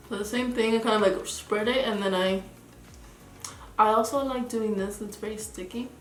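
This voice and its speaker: Woman, beauty vlogger, casual chatty tutorial, rambling with fillers, mid pitch, roomy echo. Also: steady tone, moderate pace, faint music behind.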